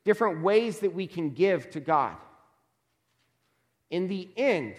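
A man preaching a sermon as a pastor, emphatic and measured, slowing down to stress key words. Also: fairly high pitch, lively intonation, long reverb tail.

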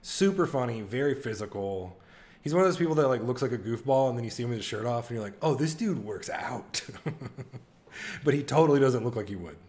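Brief: male co-host, mid-pitched, animated storyteller, casual chat. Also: fast talker. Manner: excited storytelling with laughs and impressions. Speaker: podcast co-host.

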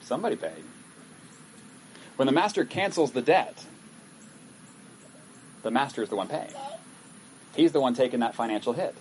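A man's voice: medium pitch, sing-song, normal speed, pauses often, a little mellow, a little hiss or hum, low-quality recording. A male pastor giving a sermon in a conversational way, reading scripture aloud and breaking off to comment on it. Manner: conversational, reads scripture aloud with acted asides.

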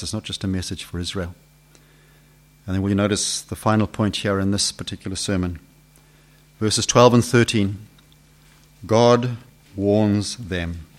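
A man preaching a sermon who asks the congregation questions and swings between loud build-ups and hushed lines. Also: on the low side.

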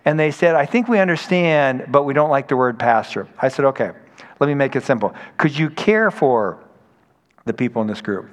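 A man's voice: mid-range voice, animated, normal speed. A man preaching a sermon in a conversational, storytelling way, acting out quoted people as he goes. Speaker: pastor. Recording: long hall reverb.

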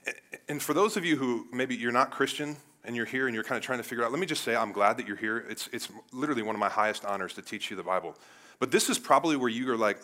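Animated guy preaching, bright tone, really conversational, loud then quiet. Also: mid-range voice, fast. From Cleveland, United States. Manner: conversational and animated, swinging between loud bursts and quiet asides. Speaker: pastor. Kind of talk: sermon.

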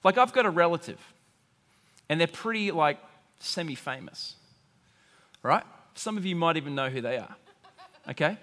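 Male preacher, bright high voice, chatty and lively, big reverberant hall. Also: moderate pace, pauses often. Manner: animated, conversational, acts out quoted voices. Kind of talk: sermon.

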